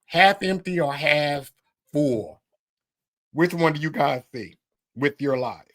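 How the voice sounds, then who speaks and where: A man's voice: fairly high pitch, animated, takes it slowly, fairly bright tone, no room sound. A man hosting a live-streamed podcast, chatting casually with viewers and greeting them by name as he reads their comments aloud. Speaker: podcast host.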